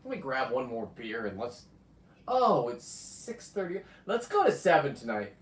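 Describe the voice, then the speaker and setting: A man's voice: medium pitch, sing-song, moderate pace. Rambling man in his fifties, echoey. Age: 50s. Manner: rambling, loud outbursts, swears freely. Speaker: livestreamer reading viewer comments. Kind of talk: rambling live-stream chat. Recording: echoey, distant from the mic.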